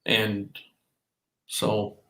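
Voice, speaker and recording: A man's voice: on the low side, completely flat delivery, very slow, vocal fry, bright, forceful tone. A man co-hosting a casual podcast, talking in a rambling way with many restarts and fillers. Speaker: podcast co-host. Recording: roomy echo.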